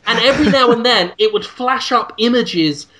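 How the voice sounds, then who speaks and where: A man's voice: very high-pitched, moderate pace, noisy background. A man co-hosting a podcast, talking earnestly and rambling a little with restarts in casual chat. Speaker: podcast co-host.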